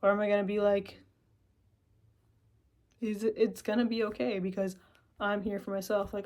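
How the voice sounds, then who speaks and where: A woman's voice: mid-range voice, flat delivery, moderate pace, long pauses, a little mellow. A woman talking casually to the camera in a rambling, reflective monologue. She curses freely and sometimes acts out her own inner voice. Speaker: vlogger.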